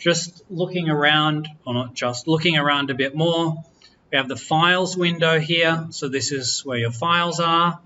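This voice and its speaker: Male lecturer, casual and joking, tense bright tone, lo-fi classroom capture. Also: on the high side, normal speed, a little hiss or hum. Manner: relaxed, chatty, self-correcting, jokes with students. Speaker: university lecturer. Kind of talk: classroom software walkthrough. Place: lecture room.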